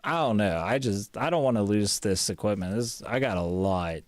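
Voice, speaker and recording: A man streaming a game live, grumbling and swearing, his voice swinging between loud gripes and quiet mutters. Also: on the low side, normal speed, dry recording. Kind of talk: live gameplay chat.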